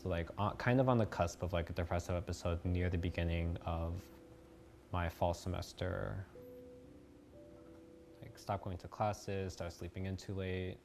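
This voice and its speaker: Low creaky hesitant young man. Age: young adult. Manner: soft, hesitant, filler-heavy. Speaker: college student.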